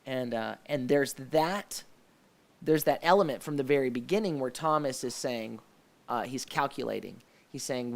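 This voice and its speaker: A man hosting a relaxed live discussion, his voice carrying a gravelly edge at a middle pitch. He talks haltingly, with frequent fillers and restarts, yet sounds eager about what he describes. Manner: hesitant, many restarts and fillers; enthusiastic about the scenes he describes. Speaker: host of a faith discussion show.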